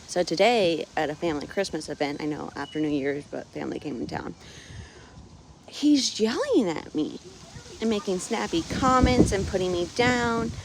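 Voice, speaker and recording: Young woman, lowish voice, frustrated casual rant on a phone outside, faint noise behind. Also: moderate pace, vocal fry. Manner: frustrated, keeps tagging "right?". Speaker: vlogger. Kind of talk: casual venting monologue. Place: outdoors on her farm, windy.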